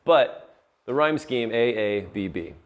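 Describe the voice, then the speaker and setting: A man's voice: medium pitch, lively intonation, slow pace. A male teacher giving a lesson on poetry terms, patiently explaining and checking in with his students.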